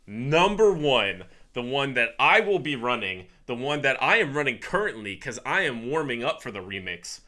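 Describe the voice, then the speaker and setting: A man's voice: medium pitch, big pitch swings, fairly quick, hardly any pauses, bright, forceful tone. A man co-hosting a podcast, chatting casually and animatedly, laughing easily as he runs through his picks. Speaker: podcast co-host. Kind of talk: casual chat ranking picks.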